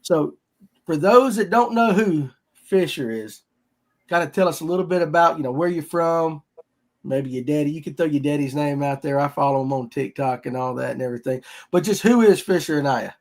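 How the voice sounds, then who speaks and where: A man's voice: fairly high pitch, brisk, darkish tone. A man hosting a casual fishing podcast, folksy and rambling. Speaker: podcast host.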